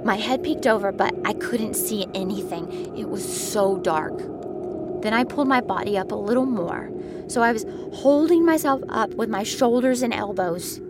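A woman's voice: mid-range voice, animated, moderate pace, heavy background noise. A woman narrating a first-person scary story, building tension and sometimes dropping to a whisper. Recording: clear music bed behind voice.

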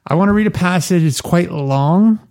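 Gravelly-voiced playful male podcast host. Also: sits high, normal speed, darkish tone. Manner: chatty, playful, laughs often. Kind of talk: casual chat.

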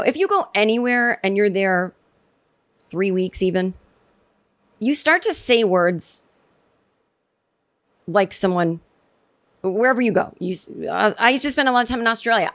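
A woman hosting her own comedy podcast, talking solo in a rambling, sarcastic way with many restarts and asides. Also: medium pitch. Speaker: podcast host.

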